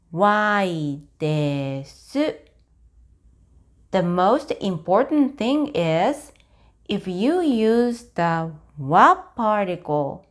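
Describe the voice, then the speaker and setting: Slow, lively Japanese-accented woman teacher. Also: medium pitch. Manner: very slow and deliberate, spelling out sentences piece by piece. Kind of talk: slow, clear online language lesson.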